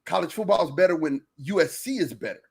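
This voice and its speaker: A man co-hosting a sports podcast, talking fast and loose, repeating phrases and jumping in over his partner. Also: on the high side, big pitch swings, vocal fry, husky. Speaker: podcast co-host. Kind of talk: casual sports chat.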